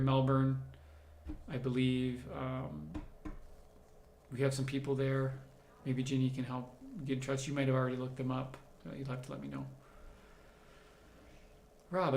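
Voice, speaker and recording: A doctor runs a livestream Q&A, reading viewers' comments and giving conversational, explanatory answers while he thinks aloud. His mid-range voice is gravelly and darkish, and the roomy recording has slight background noise.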